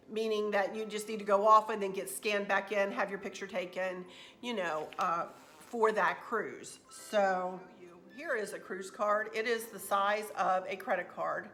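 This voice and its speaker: A woman's voice: medium pitch, a bit bright. A woman hosting a casual travel recap vlog, a chatty, rambling storyteller who gets emotional as she talks. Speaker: craft channel host.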